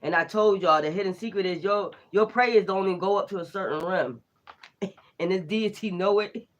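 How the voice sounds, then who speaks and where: Loose, unfiltered and full of energy, a tarot reader talks through a spiritual reading, peppering it with profane slang and laughing often. The voice has medium pitch and normal speed, with lo-fi sound.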